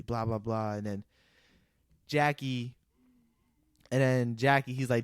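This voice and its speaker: A man's voice: lowish voice, fairly even intonation, a little slow, long pauses, smooth, no room sound, studio quality. A man co-hosting a casual podcast, retelling a film scene by scene and acting out the characters' lines, laughing often. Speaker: podcast co-host. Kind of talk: casual movie recap chat.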